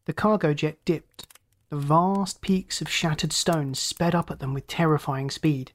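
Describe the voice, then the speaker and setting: A man reading a science fiction story aloud in a steady, measured narration that rises in pitch for characters' lines. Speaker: audiobook narrator.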